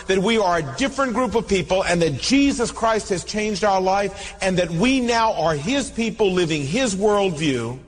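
A preacher with a high voice delivers an animated sermon, acting out the people in his stories. His voice rings with the long reverb of a large church hall. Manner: animated storytelling, acts out dialogue. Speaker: pastor.

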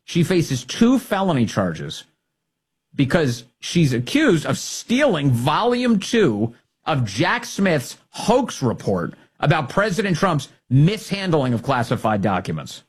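Husky guy hosting a talk show, sarcastic, insulting, fired up. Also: on the high side, wildly swooping pitch, takes it slowly. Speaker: radio talk show host. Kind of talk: opinionated political talk radio.

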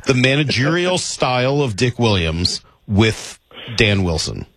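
A male radio host with a lively, swinging voice asks his guest questions in a playful way. The sound is close and dry, with no room in it. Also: medium pitch, unhurried, no echo. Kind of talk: interviewing a guest.

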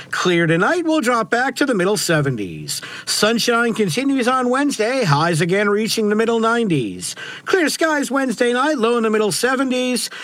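Lively high-voiced male weather forecaster. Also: no room sound. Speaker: radio meteorologist.

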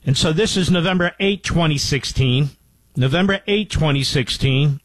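A man's voice: fairly high pitch, normal speed, dry recording, rough recording. Emphatic male radio host, dry studio. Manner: emphatic, boastful, repeats key dates. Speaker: radio talk show host. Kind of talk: talk radio monologue.

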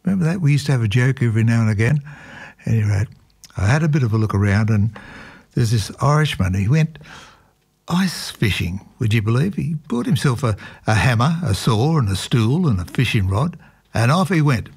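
A man's voice: mid-range voice, lively intonation, a little fast, gravelly, a little mellow, breathy edge. A man hosting local radio, chatting casually and telling jokes. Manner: chatty, joking, laughs often. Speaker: radio host.

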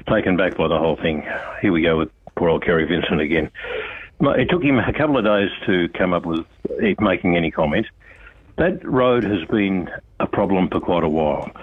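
Australian man, very low husky voice, blunt and forceful, tinny phone line. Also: no echo. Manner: blunt, forceful, repeats himself. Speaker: guest on radio phone-in. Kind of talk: casual radio chat.

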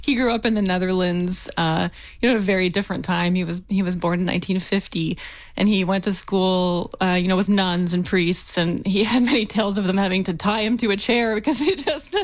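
A woman speaking as a guest in a radio interview, emotional, soft-spoken and laughing between her words. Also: mid-range voice, brisk. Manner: soft, laughs while talking. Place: Halifax.

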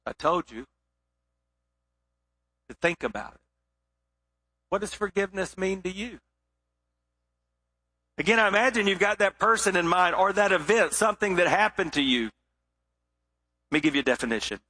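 Male preacher, bright, high voice, storytelling sermon with quiet emphatic drops. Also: brisk, long pauses. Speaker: pastor.

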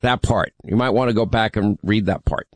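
A man's voice: lowish voice, normal speed, no echo. A middle-aged man hosting a talk radio call-in show, speaking in an emphatic, teasing, rallying way. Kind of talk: talk radio, taking calls.

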